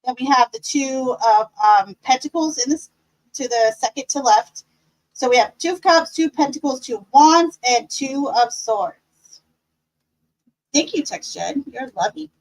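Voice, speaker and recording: A woman's voice: high voice, animated, unhurried, low-quality recording. A woman teaching a casual live-stream tarot class, upbeat and encouraging, chatty with fillers.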